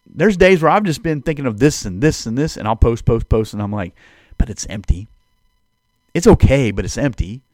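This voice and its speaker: A man in the middle of a casual devotional talk, speaking conversationally at an ordinary pitch. He leans on repetition and circles back to key phrases for emphasis. The sound is dry and close, with no room around it. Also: expressive, brisk, darkish tone, dry recording. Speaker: preacher and podcast host.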